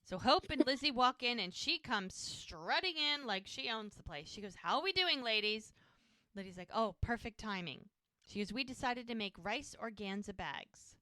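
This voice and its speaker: A woman's voice: on the high side, animated, moderate pace, bright, forceful tone, dry recording. A woman co-hosting a podcast, retelling a TV episode in casual chat and acting out the characters' lines. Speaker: podcast co-host.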